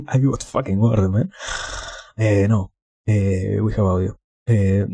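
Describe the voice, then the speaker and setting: A man's voice: on the low side, measured pace, long pauses, dark tone, a little hiss or hum. A young man streaming live, chatting casually, flustered, swearing and laughing a lot. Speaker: livestreamer. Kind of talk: casual livestream chat.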